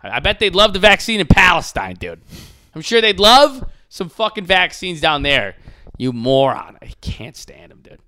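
A podcast host, a man, rants in a casual, profane way. His pitch swings widely as he mocks people with impressions, and his tone is bright and forward. The recording is close and dry. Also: normal speed, no echo. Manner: animated, profane, mocking impressions.

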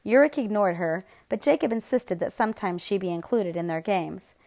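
A woman's voice: medium pitch, animated, moderate pace, a little mellow. Woman narrating an audiobook. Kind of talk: scripted narration.

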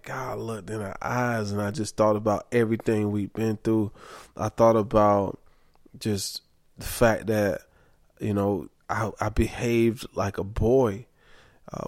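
A man's voice: on the low side, darkish tone, dry recording, clean studio sound. A young adult man, worn out from lack of sleep, talking candidly and emphatically about his life. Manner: candid, emphatic, says okay often. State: sleep-deprived, tired. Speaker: vlogger. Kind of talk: casual personal monologue.

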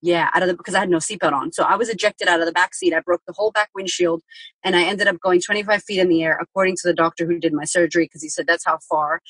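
A woman's voice: on the low side, fairly even intonation, fast, a bit bright, breathy edge, no room sound, low-quality recording. A woman speaking as a guest on a podcast, telling a personal story frankly and vividly, acting out what she said back then and swearing casually. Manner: frank and vivid, acts out her own past words, swears casually.

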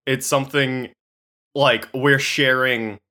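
Bright-voiced giggly young man. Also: mid-range voice, fairly even intonation, takes it slowly. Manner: giggly, rambling, many fillers. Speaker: podcast co-host. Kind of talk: casual chat.

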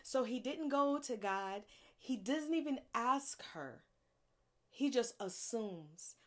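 A middle-aged woman giving a devotional Bible teaching, earnest and conversational, with dramatic pauses. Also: fairly high pitch, expressive. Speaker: podcast host teaching a Bible series.

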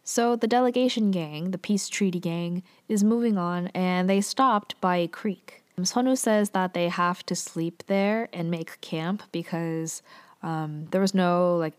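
A woman's voice: on the low side, fairly even intonation, measured pace. A woman casually recapping a drama episode, chatty and loose, full of fillers and playful asides.

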